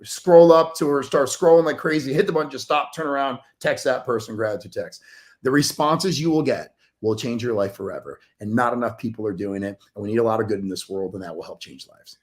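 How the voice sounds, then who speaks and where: A man's voice: medium pitch, fairly quick. A man speaking as a podcast guest, telling an earnest story in an emphatic, motivational way. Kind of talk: animated storytelling.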